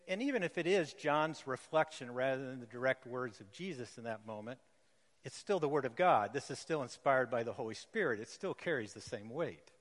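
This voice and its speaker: A man preaching a sermon as pastor, earnest and emphatic, slowing down to stress key phrases. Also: medium pitch. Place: church sanctuary. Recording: long church reverb.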